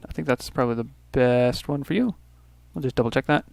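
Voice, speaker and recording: A let's play host from Canada keeps up relaxed commentary on his strategy game, rambling and thinking aloud, restarting and correcting himself mid-sentence with small asides. His middling-pitched voice is creaky and fairly quick, and the recording is dry and close with no room sound.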